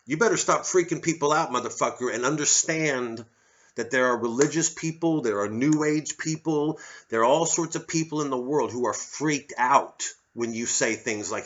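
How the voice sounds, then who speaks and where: A man's voice: mid-range voice, moderate pace, fairly bright tone. Male comic, angry sardonic rant, profane, somewhat muffled audio. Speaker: comedian doing a solo show. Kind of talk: ranting monologue. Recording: slightly dull lo-fi audio.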